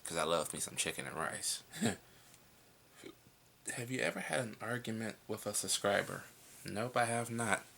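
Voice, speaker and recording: A young man with a deep, gravelly voice answers viewer questions in a relaxed home vlog. His tone is bright and edgy, and his manner is blunt and casual, with frequent swearing. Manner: laid-back, blunt, swears freely. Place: indoors at home at night.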